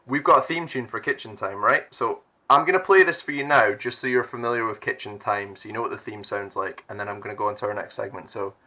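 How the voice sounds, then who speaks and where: A man's voice: lowish voice, fast talker, few pauses, pushed and bright, rough recording. A man hosting a youth livestream, chatty and upbeat, laughing often. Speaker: youth leader and stream host. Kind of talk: casual chat.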